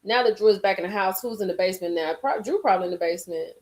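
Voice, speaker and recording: Talking very fast in a medium-pitched voice, a woman hosts a live stream, chatting casually and emphatically with her viewers. She's animated, reads the chat and speaks straight to them, repeating lines for effect.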